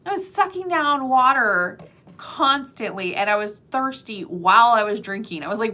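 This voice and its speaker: A woman chatting casually to the camera as a realtor, animated and full of fillers, laughing often. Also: a little high, moderate pace. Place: lives in Florida.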